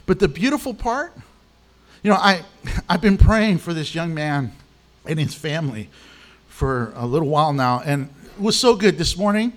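Man preaching, high voice, animated storytelling, acts out quotes. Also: moderate pace. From Mexican. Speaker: pastor. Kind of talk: sermon.

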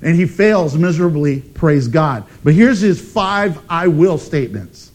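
A man preaching a sermon as pastor, emphatic and animated, with dramatic pauses. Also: on the high side.

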